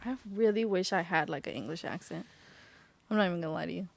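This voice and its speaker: A woman's voice: lowish voice, fast talker, gravelly, a little hiss or hum. A woman in her thirties co-hosting a casual podcast, talking bluntly in slang and apologizing often. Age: 30s. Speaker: podcast co-host. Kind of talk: casual chat.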